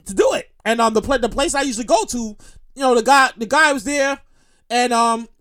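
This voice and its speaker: A man's voice: extremely high pitch, brisk. A man from Brooklyn with a New York accent, hosting a podcast and telling profane, repetitive stories in a casual monologue. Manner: animated, profane, repetitive storytelling. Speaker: podcast host.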